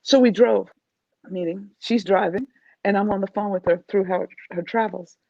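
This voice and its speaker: A woman from New York, a life coach, talking as a guest in an interview in an animated, emphatic way. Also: medium pitch, moderate pace, gravelly, dry recording, dull audio. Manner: animated, emphatic, acts out quoted voices. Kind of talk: interview conversation.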